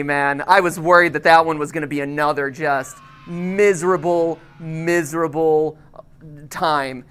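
Woman streamer, lower register, playful running commentary. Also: steady tone, a little slow, clean tone. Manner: reactive, jokey, bursts into loud cheers. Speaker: game streamer. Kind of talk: live gameplay commentary.

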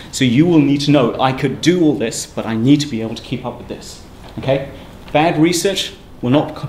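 Brisk male lecturer in an echoey room. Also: medium pitch, darkish tone. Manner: brisk, emphatic, conversational lecturing. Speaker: university lecturer giving a seminar. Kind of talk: academic seminar talk. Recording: echoey room with faint ambient noise.

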